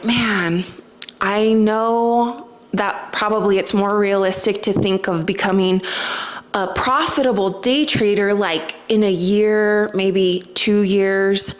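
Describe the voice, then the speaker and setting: A young woman speaks in a loose, chatty vlog voice, full of "like" and little asides. Her pitch sits in an ordinary middle range. She comes across as open and emotional as she tells her story. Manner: chatty, emotional, says "like" often. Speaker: spiritual vlogger. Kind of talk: casual storytelling to camera.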